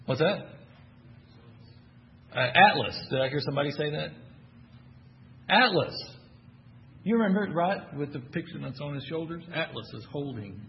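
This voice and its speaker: A man's voice: fairly high pitch, normal speed, pauses often, highs cut off, a little hiss or hum. A man with a Texan accent preaching a sermon, who keeps asking the congregation questions and answers them with emphatic bursts. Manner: asks the audience questions, animated and emphatic.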